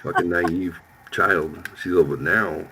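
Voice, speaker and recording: Deep and slow, this man's voice comes through a rough recording with a bit of hiss or hum. In his fifties and hosting a podcast, he casually relates a profane story, animatedly acting out what the people in it said.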